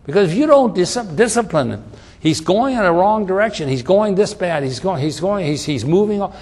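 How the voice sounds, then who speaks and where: Gravelly preacher in a reverberant hall. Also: male voice, high voice, big pitch swings, darkish tone. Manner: emphatic, repeats phrases, slows on scripture. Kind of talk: sermon.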